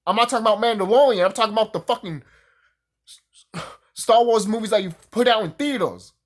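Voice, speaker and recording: A man casually reviewing a TV show on his channel, excitable and profane, rambling and gushing. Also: high-pitched, fairly quick. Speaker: YouTube reviewer.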